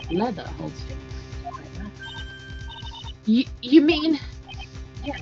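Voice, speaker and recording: Woman doing a smug older prosecutor guy, smooth and oily, slightly dull sound with game music. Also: fairly low pitch. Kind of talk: reading a game aloud.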